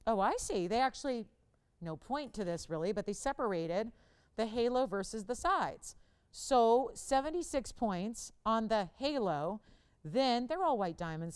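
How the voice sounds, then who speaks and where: Smooth-voiced chatty woman selling jewelry. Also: medium pitch. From Los Angeles. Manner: chatty, upbeat, talks to operators and callers. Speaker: shopping channel host. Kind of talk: live sales pitch. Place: television studio.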